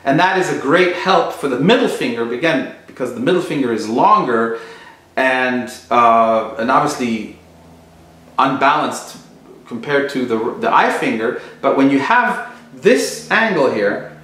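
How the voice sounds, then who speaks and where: A man's voice: mid-range voice, animated, measured pace, fairly bright tone. A man teaching flamenco guitar technique, explaining thoughtfully and searching for his words. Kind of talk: instructional explanation. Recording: very echoey room.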